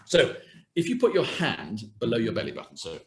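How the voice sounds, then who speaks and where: A man's voice: medium pitch, a little fast, background noise. A man coaching viewers on voice and posture in a webinar, demonstrating as he talks over a video call. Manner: lively, hands-on, demonstrating as he speaks. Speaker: communication and voice coach. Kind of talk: webinar talk with practical exercises.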